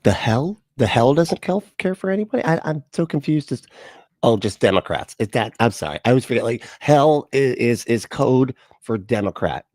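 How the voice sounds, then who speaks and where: A man's voice: medium pitch, animated, moderate pace, a little mellow, no echo, studio quality. A man hosting a livestream, reacting to a clip with sarcastic, rambling commentary, frequent laughter and casual swearing. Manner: rambling, with fillers and restarts.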